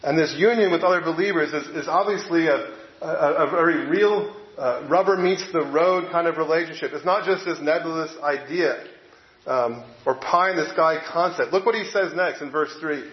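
A middle-aged man preaching a sermon as pastor, conversational and halting, with many fillers and restarts. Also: fairly high pitch. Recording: echoey, dull lo-fi room sound.

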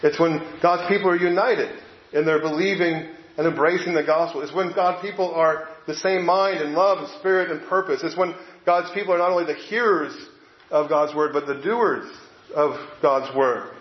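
A middle-aged man preaching a sermon as pastor, conversational and halting, with many fillers and restarts. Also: on the high side. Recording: echoey, dull lo-fi room sound.

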